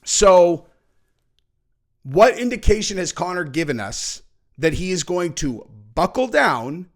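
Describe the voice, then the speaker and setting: A male host delivers loose, mocking commentary on a clip. His voice is slightly high and very lively in pitch. He jumps into playful impressions and swears casually. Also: slow. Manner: animated, mocking, profane.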